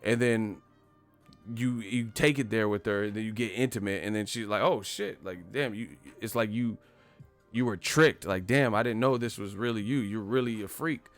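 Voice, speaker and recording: A man's voice: fairly low pitch, moderate pace, faint music behind. A man hosting a boxing live stream, talking casually and profanely, retelling stories with acted-out quotes. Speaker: boxing channel host.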